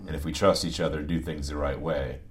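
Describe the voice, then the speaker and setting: A middle-aged man with a very deep voice talks as a guest on a podcast. He is from New England and speaks in a relaxed, halting way, often restarting his phrases. His speech is conversational and unhurried. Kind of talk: conversational interview.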